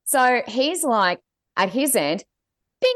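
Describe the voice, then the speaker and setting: Woman, podcast co-host, lively swooping pitch, dry close sound. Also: a little fast, dry recording. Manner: animated storytelling, acting out quotes. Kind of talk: casual chat.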